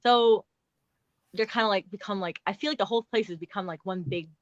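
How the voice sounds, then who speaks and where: Relaxed woman guest on dull remote audio. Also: medium pitch, fairly quick, no room sound. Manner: relaxed, laughs easily, trails off. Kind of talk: casual chat.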